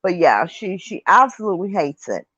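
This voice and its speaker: A woman's voice: fairly low pitch, sing-song, normal speed, bright, forceful tone, dry recording, lo-fi sound. An older woman hosting a casual online talk show, reading viewer comments and chatting with light laughter and mild swearing. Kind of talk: casual chat.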